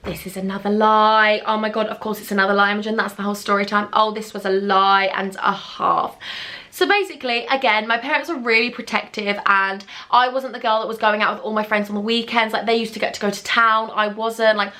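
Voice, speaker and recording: A woman's voice: mid-range voice, fairly even intonation, fairly quick, pushed and bright. A young woman, telling a storytime in a gushing, chatty way full of pet names. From England. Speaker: beauty vlogger. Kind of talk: casual storytime chat.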